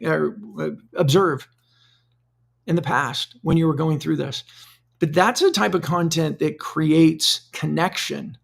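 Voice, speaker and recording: A middle-aged man talks through a solo podcast episode in a loose, conversational way, circling back and repeating words as he works out his thoughts. His voice sits a little high and carries a strong gravelly fry throughout. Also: measured pace. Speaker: podcast host. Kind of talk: solo podcast monologue, live-streamed.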